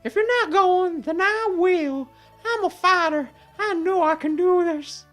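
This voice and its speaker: A woman doing a high-pitched eager boy warrior. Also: measured pace, faint music behind. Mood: pleading. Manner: earnest, boastful.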